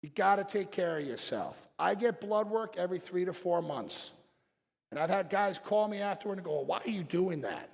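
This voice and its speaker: A man's voice: high-pitched, normal speed, gravelly. Blunt man speaking in a reverberant hall. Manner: blunt, storytelling, acts out quotes. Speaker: seminar speaker. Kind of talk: motivational stage talk.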